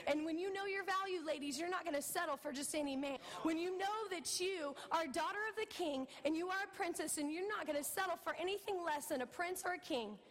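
Woman pastor preaching, high voice, echoey church hall, lively storytelling. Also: brisk, hardly any pauses. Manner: storytelling, animated, acts out quoted voices. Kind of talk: sermon.

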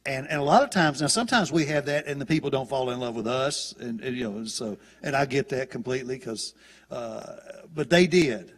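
A man's voice: medium pitch, expressive, fairly quick. A man with a Southern US accent, a guest preacher giving a folksy, chatty sermon with many restarts. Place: church auditorium. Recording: long church hall reverb.

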